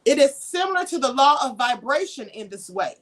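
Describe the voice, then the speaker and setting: A woman's voice: high-pitched, big pitch swings, brisk, fairly bright tone. A woman raised in Kentucky, hosting a spiritual livestream and lecturing conversationally, asking rhetorical questions and reading out viewer comments. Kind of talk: live-stream teaching, reading chat comments.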